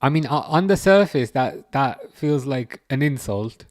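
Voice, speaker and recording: A man hosting a casual live football watchalong, reading out chat, laughing often and tripping over his words when he gets excited. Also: medium pitch, unhurried, dry recording, clean studio sound. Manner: excitable, laughing, stumbling restarts. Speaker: livestream host reading chat.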